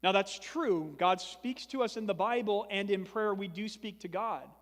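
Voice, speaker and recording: A man's voice: high voice, normal speed, long reverb tail. A young man preaching a sermon as pastor, earnest and building to emphatic repetition.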